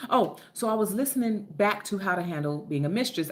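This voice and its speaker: A woman from Philadelphia hosts a casual live stream, with a fairly low voice that swoops up and down a great deal. She is chatty and effusive, greets viewers by name and drops curse words without a care. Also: expressive, unhurried, hardly any pauses, fairly bright tone. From Philadelphia, USA. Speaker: livestream host.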